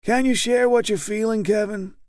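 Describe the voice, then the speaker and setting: A man doing a high, hoarse, blandly kind group leader. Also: steady tone, darkish tone, dry recording, studio quality, natural voice. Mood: coaxing. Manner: didactic, as if speaking to a slow child. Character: round, soft-spoken male group leader, blandly kind. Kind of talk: audiobook character reading.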